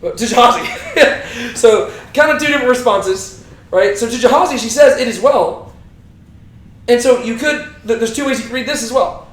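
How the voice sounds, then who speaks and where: A young man with a fairly high voice leads a relaxed Bible study, chatty and animated, often checking in with his listeners. His voice rings in a roomy, echoing space. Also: a little fast. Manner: lively, conversational, asks the group questions. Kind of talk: casual Bible study teaching. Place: echoey room with a small group. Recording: roomy echo.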